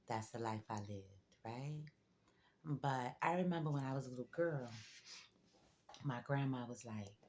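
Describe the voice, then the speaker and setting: A woman's voice: a bass voice, darkish tone, a little hiss or hum. A woman talking straight to her audience in a casual spiritual monologue, chatty and storytelling, full of asides and little laughs. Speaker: vlogger.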